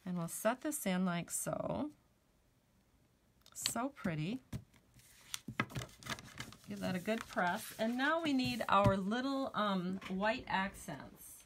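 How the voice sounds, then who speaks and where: A chatty woman walks viewers through a card-making project live from her crafting table. She talks at an ordinary middle pitch and gushes happily over each finished step. A faint hiss sits behind her voice. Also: expressive, slow pace, long pauses. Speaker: host of a live stamping and card-making show.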